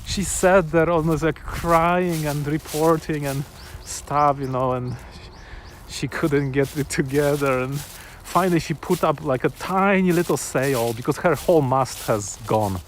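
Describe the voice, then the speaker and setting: A vlogger with a fairly high voice talks to camera at a measured pace, outside on a sunny afternoon, slight background noise behind him. He's casual and enthusiastic, rambling along with restarts and small chuckles.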